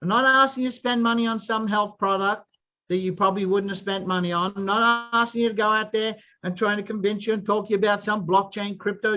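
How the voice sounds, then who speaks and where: A man in his sixties hosting a group video call, giving an energetic sales pitch and often asking "right?". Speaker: host of a sales presentation call. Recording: dull lo-fi video call audio.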